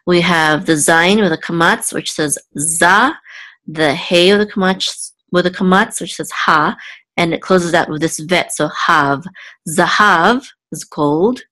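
A woman guides a student through Hebrew letters and vowels one sound at a time. She speaks patiently, pausing and restarting often. Her voice sits a little low. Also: bright, forceful tone. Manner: patient, step-by-step, many ums and restarts. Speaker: Hebrew teacher. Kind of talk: one-on-one lesson, explaining letters slowly.

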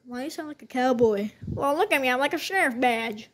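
High-pitched woman voicing toy characters. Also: a little fast, hardly any pauses. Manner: bouncy, excitable, frequent sound effects. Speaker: toy video creator voicing every character. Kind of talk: playful toy role-play.

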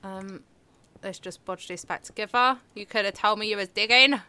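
A woman with a British accent, chatting casually while playing a game, giggling often and breaking into quick exclamations. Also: mid-range voice, bright, forceful tone, clear, resonant tone. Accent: British English. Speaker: let's play co-host. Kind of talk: casual gaming chat.

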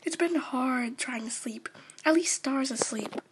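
A woman voicing a dreamy, friendly female host of a bedtime show, speaking in a soft, breathy, hushed way in a fan-made cartoon performance. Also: high voice, unhurried, slight background noise. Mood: sleepy.

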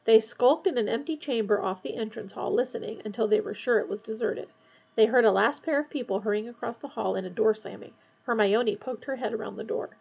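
A woman reading a novel aloud in a steady, measured way. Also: fairly high pitch, gravelly, husky, muffled recording. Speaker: audiobook reader.

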